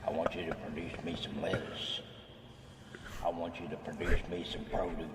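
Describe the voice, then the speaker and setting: A man's played voice message, repeating the same demand over and over in a flat, insistent way. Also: rumbling low, moderate pace, heavy background noise. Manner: monotone, insistent repetition. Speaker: viewer voice message. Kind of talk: played voice command. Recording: echoey distant clip with music.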